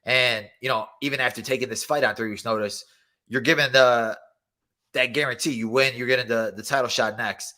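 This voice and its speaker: A man's voice: mid-range voice, brisk. A man in his thirties, a fighter guest on a podcast, telling stories in casual chat and acting out quotes. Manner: excited storytelling, acts out quotes.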